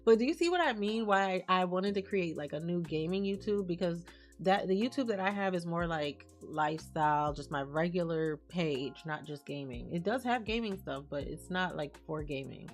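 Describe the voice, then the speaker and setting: A woman's voice: on the low side, animated, normal speed, faint music behind. A woman streaming live, chatting casually and reading out and answering messages from her chat. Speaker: livestreamer.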